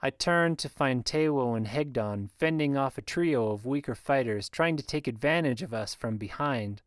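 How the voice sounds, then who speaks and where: A man narrating a first-person fantasy audiobook in a steady, measured reading, recorded close on a studio mic. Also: mid-range voice, no echo.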